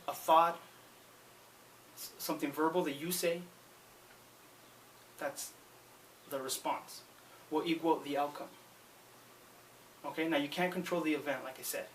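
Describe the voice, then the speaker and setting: A man delivering a motivational talk in an earnest, emphatic way, with a voice pitched a little high. He often restarts his sentences with repeated words. He sounds a little distant from the mic, with faint hiss underneath. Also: fairly bright tone. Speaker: motivational speaker.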